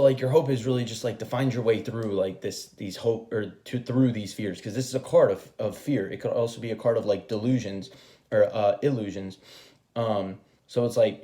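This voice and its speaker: Man, tarot reader, rambling casual talk, mellow voice, swears a lot. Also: medium pitch. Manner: chatty and rambling, swears freely, laughs at himself.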